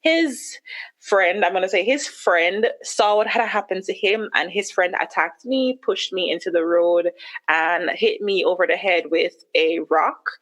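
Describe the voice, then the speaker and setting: A woman guest on a podcast, telling a personal story candidly and acting out her own past words with sharp jumps in pitch. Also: a little slow.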